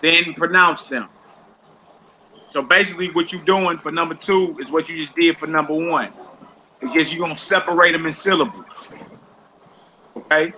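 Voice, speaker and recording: A man's voice: fairly high pitch, normal speed, long pauses, pushed and bright, slight background noise. A man teaching a language class, patiently going over homework and repeating each instruction. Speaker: Hebrew teacher. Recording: dull lo-fi recording.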